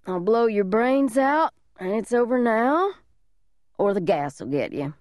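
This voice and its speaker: A woman voicing a drunk, unhinged, suicidal large man who taunts in a slow, mocking drawl, in an audiobook reading. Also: fairly high pitch, sing-song, darkish tone, no room sound, studio quality, voice pushed up. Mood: menacing.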